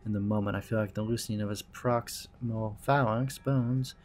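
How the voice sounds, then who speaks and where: A man's voice: on the low side, steady tone, normal speed, slight background noise. A man hosting a let's play, reading a visual novel's narration aloud in a dry, wry manner.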